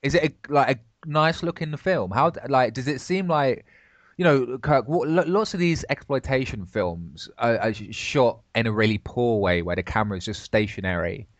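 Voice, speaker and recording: A man's voice: mid-range voice, lively intonation, moderate pace, no room sound. A man co-hosting a show, reacting with short exclamations and asking eager follow-up questions in casual chat. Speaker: co-host.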